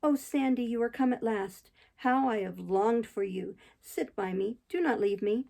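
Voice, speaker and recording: A woman's voice: on the high side, unhurried, gravelly, mellow. A woman voicing a delirious dying man in a storybook reading, pleading tenderly and brokenly. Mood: longing.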